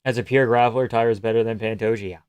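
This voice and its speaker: A man's voice: medium pitch, fairly even intonation, fast, a little mellow, clear, resonant tone, dry recording. A man hosting a live stream, casually and profanely analyzing fights and answering chat questions.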